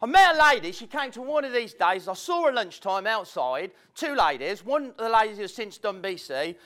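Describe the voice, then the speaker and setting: A man speaks on stage at a seminar, his voice pitched high and swinging up and down. He tells stories to the crowd in a chatty, self-mocking way. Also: sing-song, moderate pace, sharp tone. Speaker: motivational speaker. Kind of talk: live seminar talk to an audience. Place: seminar room with audience. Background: audience laughter.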